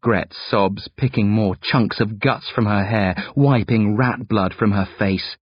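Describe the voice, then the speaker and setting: A man narrating an audiobook in the first person with a highly expressive, swooping delivery. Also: slow, slightly rough, no echo, lo-fi sound.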